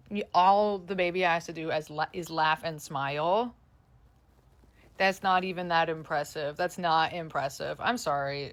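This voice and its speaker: A woman giving a dry, mocking rant to camera. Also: fairly low pitch. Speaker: woman commenting on babies. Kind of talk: comedic rant.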